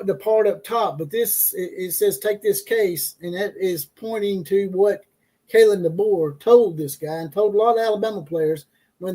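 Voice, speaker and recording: A man's voice: high voice, warm tone. A man hosting a casual college football livestream, mocking teams and players with profane jokes, reading out chat comments and laughing at his own lines.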